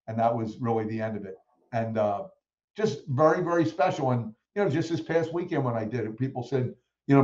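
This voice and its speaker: A man telling stories as a guest in an interview, acting out the people he quotes with lively energy. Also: mid-range voice, a little fast, reverberant, highs cut off. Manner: animated storyteller who acts out quoted voices. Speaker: guest speaker. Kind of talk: storytelling in a podcast interview.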